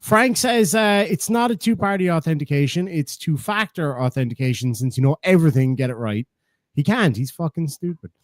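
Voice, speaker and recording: A man's voice: on the high side, expressive, a little fast, no echo. A man hosting a casual live stream, reading out viewer donations with profane, sardonic remarks.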